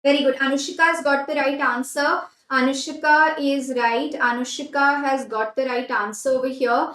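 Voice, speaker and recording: A woman's voice: sits high, fairly even intonation, normal speed, fairly bright tone, roomy sound, poor audio. A woman with an Indian English accent teaching a live online exam-prep class, mixing Hindi and English and repeating key phrases as she praises students by name.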